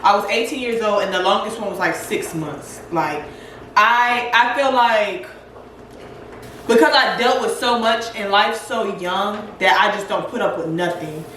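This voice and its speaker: Woman, twenties, candid casual talker, bright tone, recorded from across an echoey kitchen. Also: medium pitch, unhurried, slight background noise. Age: 20s. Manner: candid, frequent "like" fillers. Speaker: co-host. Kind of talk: casual chat while cooking. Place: home kitchen. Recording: echoey room, mic far off.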